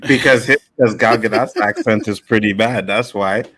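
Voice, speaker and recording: A man co-hosting a casual podcast chat, relaxed and slangy, often restarting his sentences. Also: lowish voice, normal speed, husky, no echo, poor audio. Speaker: co-host.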